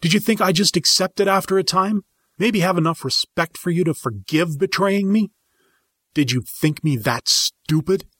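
A man's voice: mid-range voice, lively intonation, a little fast, husky, no echo, clean studio sound. A man voicing a furious young male feline fighter who roars and hurls accusations. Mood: enraged. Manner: roaring, accusing, near-shouting.

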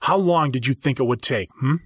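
A man's voice: mid-range voice, fairly quick, breathy edge, no echo, studio quality, pitched above the performer's own voice. A man voicing a furious young male feline fighter who roars and hurls accusations. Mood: enraged. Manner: roaring, accusing, near-shouting.

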